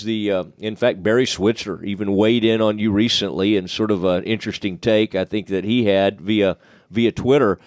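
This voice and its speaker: A man's voice: medium pitch, a little mellow, no room sound, clean studio sound. A man hosting a casual sports podcast, talking in loose, rambling stretches that restart and trail off mid-thought. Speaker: podcast host.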